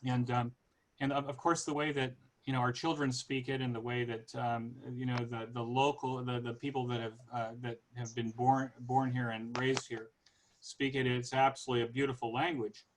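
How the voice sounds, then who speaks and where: A man with a Californian American accent speaks casually over a video call. He talks at a middle pitch and often stumbles and restarts phrases. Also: flat delivery, a little hiss or hum, poor audio. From United States. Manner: halting, many restarts. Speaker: guest speaker.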